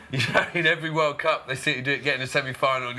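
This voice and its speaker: A man co-hosting a sports show tells loose, joking anecdotes and often breaks into laughter. His voice is very bright and pushed forward. A faint noise sits under the recording. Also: mid-range voice, fairly even intonation, fast. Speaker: cricket show co-host, former player. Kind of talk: casual chat.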